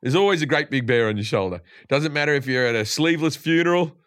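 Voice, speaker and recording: Man, Australian accent, comedian guest, sweary, lively pitch, casual podcast talk. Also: fast talker, clean tone. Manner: sweary, animated storytelling.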